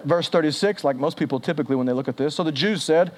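A male pastor delivering a sermon in a lively, conversational way. He acts out quoted lines with sudden rises and drops in pitch and volume, and his voice sits a little on the high side. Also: a little fast. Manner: animated, acts out quotes with big shifts in pitch and loudness.

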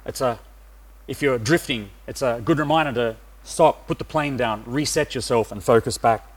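A middle-aged man from Australia giving a sermon, pausing often with "uh" fillers. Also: mid-range voice. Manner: hesitant, many "uh" fillers. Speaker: preacher.

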